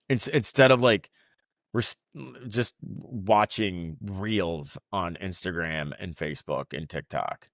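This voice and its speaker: A man's voice: medium pitch, dry recording, studio quality. A man in his forties hosting his own podcast, talking off the cuff in a rambling, repetitive way. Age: 40s. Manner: rambling, repeats himself, animated. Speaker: podcast host. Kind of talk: unscripted casual monologue.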